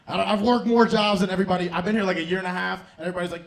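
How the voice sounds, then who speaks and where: A man's voice: high-pitched, steady tone, very fast, creaky. Profane young man doing stand-up. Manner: loose, profane, laughs at his own lines. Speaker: stand-up comedian and host. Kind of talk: stand-up comedy set. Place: comedy club stage.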